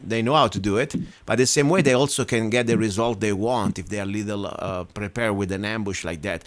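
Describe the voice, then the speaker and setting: A man's voice: medium pitch, a bit bright. Man hosting a talk radio show. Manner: conversational, frequent backchannel, opinionated. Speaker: radio host. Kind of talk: radio interview.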